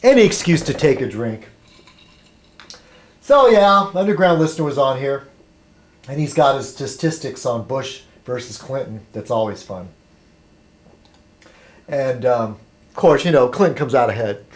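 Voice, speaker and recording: A man's voice: medium pitch, lively intonation, a little slow, long pauses. A man rambling casually on a webcam vlog, chatty and full of ums and restarts. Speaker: video blogger.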